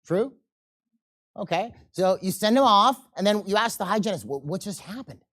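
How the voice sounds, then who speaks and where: A man teaching a seminar, animated and often checking in with the audience, and acting out quoted people in changing voices. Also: high voice, moderate pace. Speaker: seminar instructor. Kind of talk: live seminar lecture.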